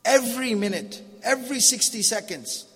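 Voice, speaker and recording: A man voicing a patient elderly father who calmly reproaches his grown son. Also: very high voice, moderate pace, husky, in a large hall, heavily acted. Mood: reproachful.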